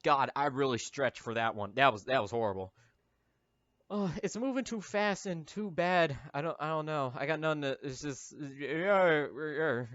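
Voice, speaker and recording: A man's voice: on the high side, normal speed, a bit bright, no echo. A man giving rambling, jokey movie-riffing commentary as a YouTuber, full of silly asides and stumbling fillers. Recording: dull lo-fi sound, dry.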